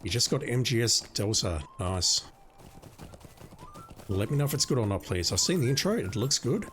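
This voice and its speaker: A hoarse man streaming a game, making wry, profane asides in casual commentary. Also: mid-range voice, very animated, moderate pace, fairly bright tone. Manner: wry, profane asides between reading quest text.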